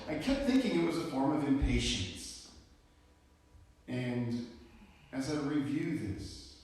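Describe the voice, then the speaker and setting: A man's voice: mid-range voice, very animated, unhurried, pauses often, a little mellow. A man preaching a sermon as pastor, telling the story in a conversational way with casual asides. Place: church sanctuary. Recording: echoey church hall from far off.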